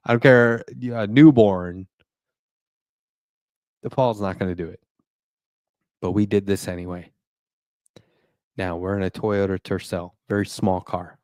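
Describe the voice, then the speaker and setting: A man's voice: lowish voice, a little mellow, dry recording. A middle-aged man telling a rambling, profane story in casual chat, laughing as he goes. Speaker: podcast host. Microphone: desk mic for a live stream.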